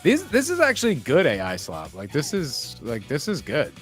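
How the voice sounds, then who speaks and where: A man with a middle-pitched voice chatting on a podcast. He tells stories and gets animated when he makes a point, with faint music behind him. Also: moderate pace. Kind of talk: casual chat.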